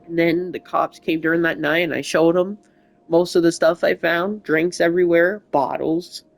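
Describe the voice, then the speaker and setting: Young gamer host, shaky and rambling, mid-pitched, for a heartfelt update vlog. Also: steady tone, gravelly, no room sound. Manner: emotional, halting, rambling. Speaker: gaming channel host. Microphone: console mic without camera.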